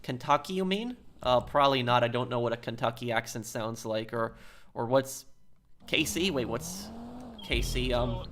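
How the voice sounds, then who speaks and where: A man's voice: medium pitch, expressive, normal speed, noisy background. A man chatting casually on a live game stream, talking straight to his viewers and answering them.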